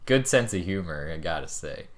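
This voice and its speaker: A man's voice: low voice, lively intonation, moderate pace. A man of about twenty, hosting a podcast, musing in casual chat and hedging with 'like' and 'you know'. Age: around 20. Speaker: podcast host.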